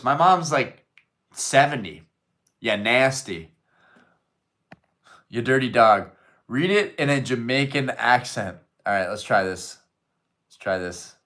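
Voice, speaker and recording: A man chatting on a late-night live stream, relaxed and loose, reading viewers' messages and riffing on them. His voice sits in an ordinary middle range, and he swears freely and jokes around as he answers. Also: mid-range voice. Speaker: livestream host reading chat. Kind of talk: casual livestream chat.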